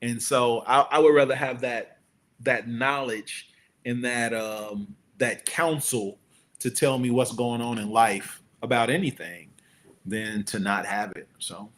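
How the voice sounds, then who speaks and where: A man's voice: unhurried, slight background noise. A middle-aged man, a guest entrepreneur, telling stories in a casual interview and acting out the people he quotes. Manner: animated, acts out quotes with big pitch jumps.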